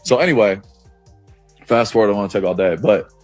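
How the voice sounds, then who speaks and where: A man's voice: on the low side, brisk, dry recording, soft background music. A man, a football player on a podcast, telling a story loosely with plenty of "like" fillers and swearing. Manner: loose, profane, lots of "like" fillers. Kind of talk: casual storytelling.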